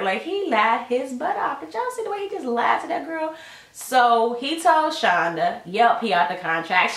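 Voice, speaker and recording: A woman's voice: on the high side, big pitch swings, normal speed, vocal fry, a bit bright, echoey room, recorded from a distance. A woman giving a casual, slangy recap of a TV episode in a chatty retelling manner. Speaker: TV episode reviewer.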